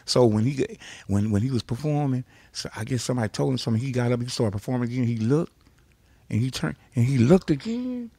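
A man from Texas, an interview guest, telling long stories in an animated way, repeating words and swearing freely. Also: medium pitch, quick pace, husky, no echo. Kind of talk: animated storytelling.

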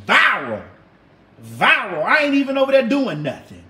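A woman's voice: fairly high pitch, huge pitch swings, moderate pace, pushed and bright. A woman hosting a casual livestream and chatting with viewers in a brash, sassy, drawling way, with lots of cussing. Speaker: livestream host. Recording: roomy echo.

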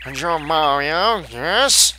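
A man's voice: on the high side, lively intonation, takes it slowly, pushed and bright, slight background noise, exaggerated voice, low-quality recording. A man voicing a pompous male archaeologist explorer in a put-on posh British accent, plummy and theatrical.

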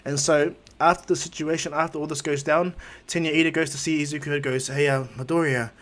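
A man's voice: on the high side, flat delivery, fast, a bit bright. A man casually telling a fan-fiction story, rambling with frequent restarts.

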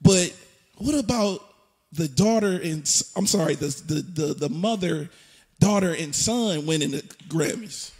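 Excited young man giving a tribute. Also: high voice, a little slow, slightly rough. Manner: excited, preacherly, repeats phrases. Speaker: son of the honoree, musician. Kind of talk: heartfelt tribute speech at a church event.

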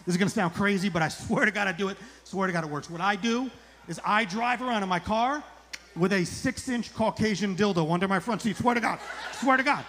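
A man's voice: sits high, a little fast, a bit bright. A middle-aged man doing a rambling stand-up comedy set on a club stage, repeating his lines for the punch.

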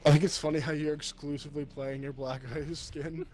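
A man's voice: a little high, level tone, a little fast, darkish tone. A man streaming a shooter game, chatting casually with a teammate and teasing him dryly. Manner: teasing, laughing, dry. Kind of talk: casual gaming commentary.

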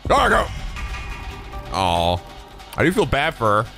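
Casting: gravelly male let's play host, excitable and shouty, pitch bouncing wildly. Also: slow pace, soft background music. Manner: excitable, shouty, profane jokes. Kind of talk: gaming commentary.

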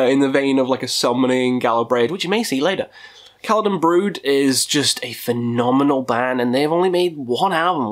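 A man's voice: medium pitch, fairly bright tone. Guy ranking metal albums on his channel, swears a lot, goofy jokes, medium voice. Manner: profane, goofy, jokey asides. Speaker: metal music YouTuber. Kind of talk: casual video countdown.

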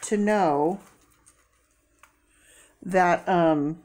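A woman giving a casual tarot reading, chatty with many fillers and sudden excited bursts. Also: on the low side, extremely slow. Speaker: tarot reader.

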